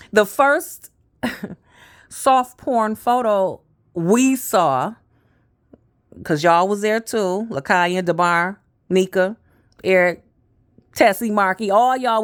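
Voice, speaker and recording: A woman in her fifties telling stories in a casual, rambling monologue, often trailing off with fillers. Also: medium pitch. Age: 50s. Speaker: vlogger.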